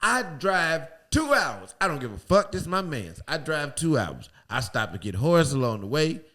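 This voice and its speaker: A young man co-hosting a podcast, telling a profane, animated story and acting out what people said. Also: a little high, normal speed. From from a city outside LA. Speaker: podcast co-host. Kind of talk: casual storytelling chat.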